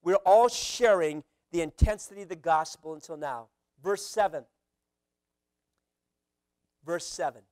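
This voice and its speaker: A man preaching a sermon as pastor, animated, acting out quotes with sudden loud shouts. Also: a little high, a little slow, long pauses, dry recording, clean studio sound.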